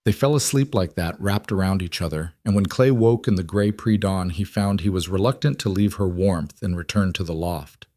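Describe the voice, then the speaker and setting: With a lowish voice, this male narrator delivers a written story at a gentle, even pace. The mic is close, the sound completely dry, and no room ambience comes through.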